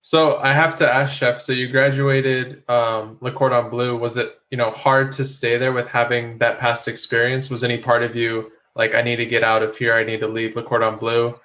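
Host guy with a bright, pretty flat voice asking the chef stuff. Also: mid-range voice, normal speed, few pauses, poor audio. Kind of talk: casual interview.

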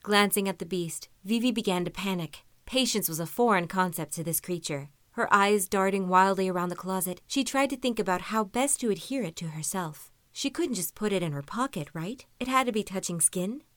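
A woman narrating a story in an even, measured reading voice. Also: medium pitch, dry recording. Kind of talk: audiobook-style story reading.

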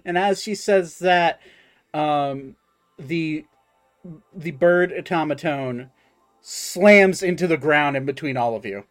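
A man running a tabletop role-playing session as game master. His voice sits a little on the high side, and he pauses often with ums and restarts. A thin bed of music runs underneath. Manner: halting, full of ums and restarts.

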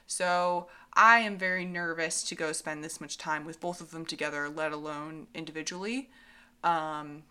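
A woman's voice: deep voice, fairly even intonation, normal speed, pushed and bright, smooth. A young woman co-hosting a podcast, telling stories in casual chat and acting out the quotes. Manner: chatty storyteller, acts out quotes, laughs often. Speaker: podcast co-host.

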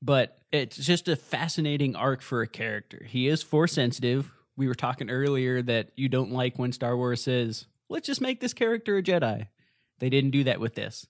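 Enthusiastic male podcast co-host, dry close sound, lively casual delivery. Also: medium pitch, moderate pace, hardly any pauses, no room sound. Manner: enthusiastic, animated storytelling. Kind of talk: casual chat.

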